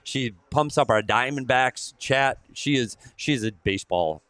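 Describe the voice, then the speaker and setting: A man co-hosting a casual live sports chat, excitable and chummy, calling people buddy. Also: medium pitch, moderate pace, no echo. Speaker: sports podcast co-host.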